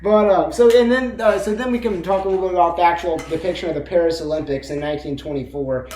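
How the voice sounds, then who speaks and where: A man's voice: high voice, steady tone, fast talker, darkish tone, roomy sound, slight background noise, rough recording. A young man co-hosting a casual movie chat, rambling with lots of fillers and frequent laughter. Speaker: co-host of a movie discussion channel.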